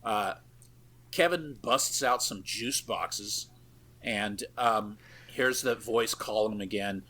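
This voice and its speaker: A man's voice: lowish voice, takes it slowly, pushed and bright. A man co-hosting a podcast, recapping a film in a loose, profane way with lots of fillers and easy laughs. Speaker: podcast co-host. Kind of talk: casual chat recapping a film.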